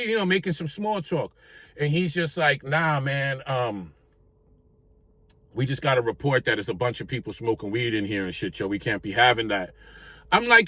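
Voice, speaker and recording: A man's voice: a little high, brisk, no room sound. A man telling a story in casual street slang, swearing freely and acting out what people said. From Puerto Rico. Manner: animated, profane street slang, acts out quotes. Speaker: vlogger telling stories.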